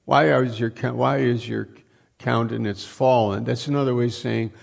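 A man's voice: mid-range voice, steady tone, moderate pace, creaky. A man preaching a sermon in a conversational way, full of restarts and rhetorical questions.

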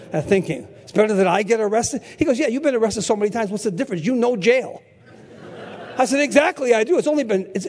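A man in his sixties preaching a sermon, telling stories in an animated way and shouting for emphasis, with a husky voice. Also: high-pitched. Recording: echoey hall.

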